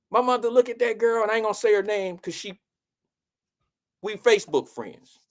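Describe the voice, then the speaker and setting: Young guy with aave telling a wild story to his viewers, acts out the voices. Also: high voice. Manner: animated, acts out quotes with raised voice. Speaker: show host. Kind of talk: storytelling to an audience.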